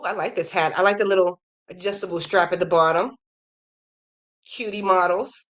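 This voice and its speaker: A woman's voice: mid-range voice, a bit bright. A woman hosting a crochet podcast, chatting casually and enthusiastically as she reads out viewers' emails, her voice a little worn. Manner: chatty and enthusiastic, gushing over viewers' work. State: slightly losing her voice.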